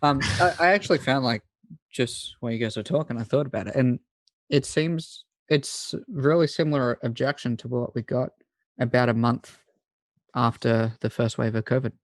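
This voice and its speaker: A man's voice: mid-range voice, normal speed, dry recording. A man chatting casually about sales training, laid-back and swearing casually. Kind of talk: casual podcast chat.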